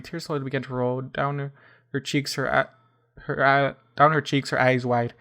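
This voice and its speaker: A man's voice: medium pitch, little pitch movement, moderate pace, sharp tone. A man reading a first-person fan fiction story aloud, often stumbling and correcting himself. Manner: stumbling restarts and self-corrections.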